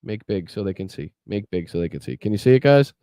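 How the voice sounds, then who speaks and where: A man's voice: fairly low pitch, big pitch swings, fast, dark tone, clean tone, dry recording. A man with a Boston accent hosting a political podcast live, talking bluntly and with fired-up profanity. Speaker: podcast host. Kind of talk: live-stream political commentary.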